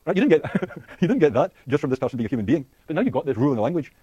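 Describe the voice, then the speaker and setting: A man's voice: a little high, sing-song, rapid-fire, mellow, husky, no room sound, highs cut off. A man giving a university lecture, thinking aloud with many fillers and restarts and putting questions to the class. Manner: asks the class questions and laughs lightly.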